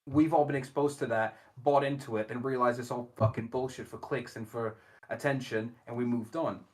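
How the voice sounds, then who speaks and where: A man's voice: mid-range voice, normal speed. Sweary ranting man, casual chat. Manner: sweary, ranting, animated asides. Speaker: podcast co-host.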